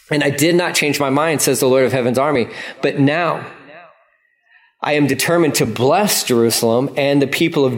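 A man, a pastor, preaching a sermon and paraphrasing scripture in a lively, conversational way. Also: a little high.

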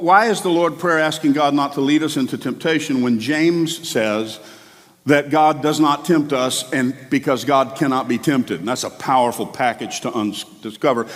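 A male pastor preaching a sermon with passion, his delivery swinging between quiet asides and loud climbs. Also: medium pitch, big-room sound.

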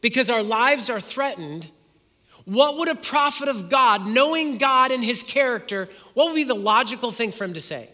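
A man delivers an expository sermon in a high, bright voice. He reads scripture and retells the story in first person, pausing to ask his listeners questions. The recording carries a long hall reverb. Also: lively intonation. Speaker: preacher.

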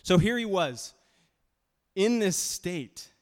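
A man's voice: sits high, animated, takes it slowly. A man preaching a sermon as pastor, conversational and emphatic, with frequent restarts. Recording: long reverb of a hall.

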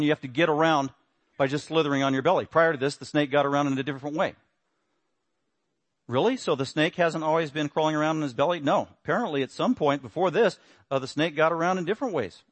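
A male pastor delivers a sermon in a fairly high voice, animated and full of rhetorical questions. His voice sits close and dry, with no room sound around it. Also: no echo.

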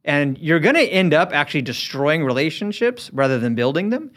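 A man on a casual studio podcast, earnest and opinionated, thinking out loud as he talks. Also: fairly high pitch, expressive, fairly quick. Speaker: podcast co-host. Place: recording studio.

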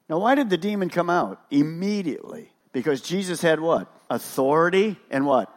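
A man's voice: fairly high pitch, very animated, moderate pace. A male pastor preaching a sermon at a church service, emphatic and full of rhetorical questions.

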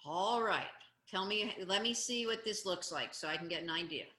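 A woman guest speaking in a casual interview over a video call, telling stories with expressive emphasis. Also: mid-range voice, normal speed. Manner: expressive, warm storytelling with animated emphasis. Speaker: guest, anti-bullying advocate. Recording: roomy, echoey room sound.

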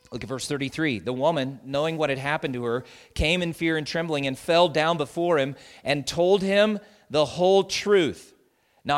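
A middle-aged man preaching an expository sermon, dropping to soft, tender lows and rising to loud, emphatic peaks. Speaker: pastor.

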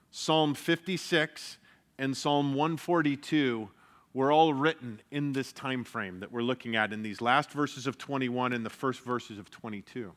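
A man preaching a sermon in an earnest way, dropping to a hush for emphasis and rising when he stresses a point. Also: medium pitch. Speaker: pastor.

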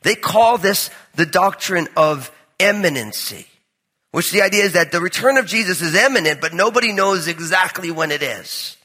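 A high, bright male pastor from New with a husky edge, preaching in a conversational, joking storyteller's manner. His voice rings out with a long reverb in a large church hall. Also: expressive, normal speed. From New Jersey. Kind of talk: sermon with personal storytelling.

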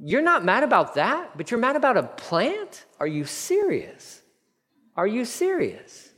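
A man's voice: extremely high pitch, huge pitch swings, measured pace, fairly bright tone, voice pushed up, heavily acted. A man voicing God rebuking a sulking prophet with incredulous, pointed questions. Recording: long hall reverb.

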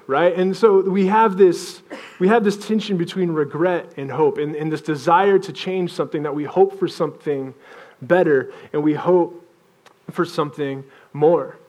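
A man's voice: a little high, a little mellow. A young adult man preaching a sermon as pastor, telling a story in a casual, self-deprecating way.

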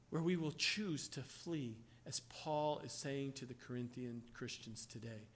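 A man's voice: mid-range voice, unhurried, hardly any pauses, fairly bright tone. A man preaching a sermon, telling stories with emphatic exclamations.

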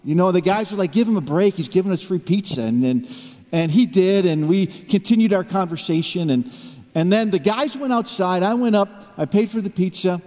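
A man preaching a sermon, telling a personal story in hushed low tones that rise into emphatic preaching. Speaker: pastor. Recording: long reverb of a large hall.

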